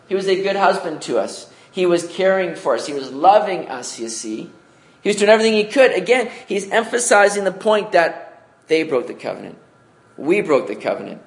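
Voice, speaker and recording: Guy preaching a sermon, kinda high voice, gets loud on key points then drops quiet. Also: sing-song, normal speed. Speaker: pastor.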